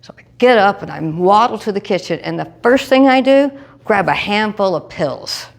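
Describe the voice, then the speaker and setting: A woman, telling a personal story to a live group and acting out every line of dialogue with big jumps in pitch. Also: expressive, moderate pace, creaky. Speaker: presenter sharing a testimony.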